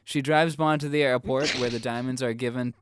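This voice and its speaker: A man's voice: medium pitch, fairly even intonation, a little fast, a little hiss or hum. A man co-hosting a film podcast, reading out a plot summary and teasing his friends in a mock-offended way. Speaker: podcast co-host.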